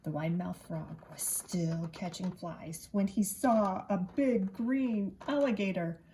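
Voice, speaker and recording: A woman teacher reading a children's picture book aloud, expressive and pausing to point out the pictures. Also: mid-range voice, slight background noise. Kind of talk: children's story read-aloud.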